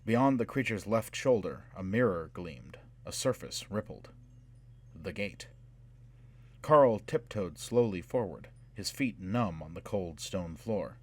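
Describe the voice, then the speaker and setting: A man reading a fantasy novel aloud in measured, dramatic scripted narration. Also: sits low, animated, slightly rough. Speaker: audiobook narrator.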